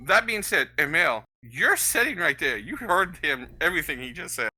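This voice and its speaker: Brief: bright, animated male game master who rambles as he narrates. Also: a little high, normal speed, low-quality recording. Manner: rambling, with filler words.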